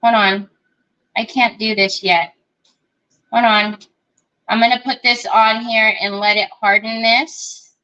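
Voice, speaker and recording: A woman leads a live craft demonstration at an unhurried pace. Her voice sits a little high and bright, and she chats and thinks out loud while greeting her viewers. The audio is somewhat dull and lo-fi. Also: fairly even intonation. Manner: chatty, thinks aloud, greets viewers by name. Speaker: craft livestream host.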